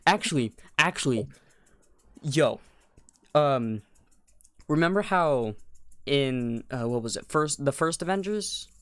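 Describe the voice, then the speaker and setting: A man's voice: mid-range voice, slow, long pauses, dry recording. A young man co-hosting a podcast in casual chat, rambling and slangy, with a voice that keeps cracking. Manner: rambling, restarts, slangy, animated when incredulous. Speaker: podcast co-host.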